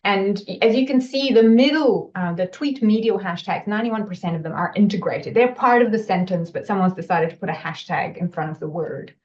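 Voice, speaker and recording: A woman researcher presents her linguistics work in a recorded talk. She speaks in a measured way at a middle pitch and often pauses on um and uh. The audio is slightly dull and lo-fi. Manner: measured, with frequent um and uh fillers.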